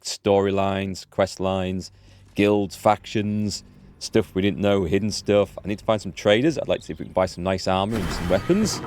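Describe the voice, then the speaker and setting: A man's voice: lowish voice, darkish tone, no echo, clean studio sound. A man streaming a game live from indoors at home, chatting in an upbeat way and thinking aloud as he plays. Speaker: gaming streamer.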